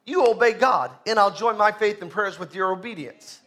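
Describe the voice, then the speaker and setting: A male pastor preaching a sermon, dropping to hushed low asides and rising to shouted exhortation, calling on the congregation to answer him. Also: moderate pace. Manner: calls for congregation responses.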